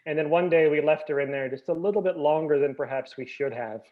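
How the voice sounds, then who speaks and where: A man's voice: a little high, fast talker, narrow, tinny audio. A man in his forties, a podcast guest, chatting casually and telling stories with frequent restarts. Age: 40s. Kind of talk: casual chat.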